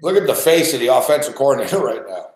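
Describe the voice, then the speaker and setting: A man's voice: medium pitch, sing-song, fast talker, darkish tone, roomy sound. A man ranting in a frustrated, profane way as he reacts live to a game he has bet on. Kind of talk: casual live reaction rant.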